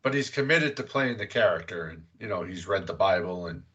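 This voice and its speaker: In a muffled recording, a podcast host with a low, fairly bright voice speaks a little fast and with lively intonation. His movie recap is casual and meandering, peppered with fillers and the odd swear word.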